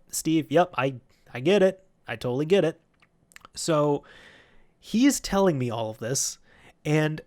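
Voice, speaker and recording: A man tells a story from his old job in a loose, chatty vlog style. He keeps adding fillers and restarting his sentences. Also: medium pitch. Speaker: YouTube host.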